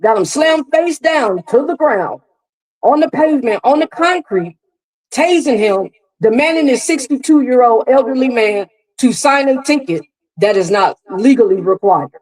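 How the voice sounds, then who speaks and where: A woman's voice: sits high, animated, normal speed, a little mellow, low-quality recording. A woman hosting live reaction commentary, emphatic and repetitive, speaking straight to her viewers. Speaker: commentary host.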